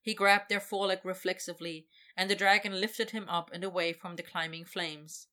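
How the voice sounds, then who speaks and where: A woman reading a fantasy story aloud as narrator, expressive and lively. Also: on the low side, brisk. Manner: expressive, voices characters.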